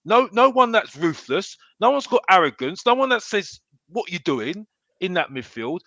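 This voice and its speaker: A man's voice: sits high, big pitch swings, normal speed, sharp tone, no echo, muffled recording. A man hosting a live football fan chat, ranting heatedly and stumbling over restarts as he vents. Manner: fired-up ranting with many restarts. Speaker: host.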